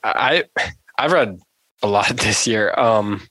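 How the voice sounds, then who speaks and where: A man's voice: fairly low pitch, slow pace, dry recording. A man hosting a book podcast, talking casually and chattily with frequent restarts. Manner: relaxed, chatty, rambling with restarts. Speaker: podcast host.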